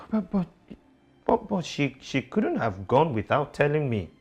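A man's voice: low voice, expressive, slow pace, warm tone, husky, muffled recording, heavily acted. An actor playing a man anxiously searching for his missing girlfriend, stammering as he worries. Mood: worried.

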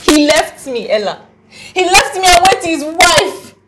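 An actress playing a jilted young mistress who talks in a tearful, pleading way. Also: female voice, very high voice, animated, measured pace, fairly bright tone, exaggerated voice. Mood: heartbroken. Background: music.

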